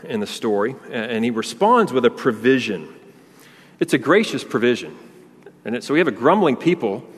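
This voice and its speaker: A male pastor delivers a sermon in a relaxed, conversational way, doubling back on his words as he talks. His voice sits at an ordinary middle pitch. The sound carries a long, ringing reverb from a large church hall. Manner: conversational preaching with repetitions and restarts. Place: church sanctuary.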